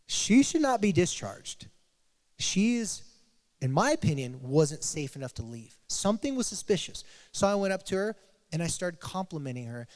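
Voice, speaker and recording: A man, a therapist and podcast host, telling a story to a live audience in an animated way, acting out the voices of the people he quotes. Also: on the high side. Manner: animated, acts out quoted voices with big swings. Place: live event hall. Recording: long hall reverb.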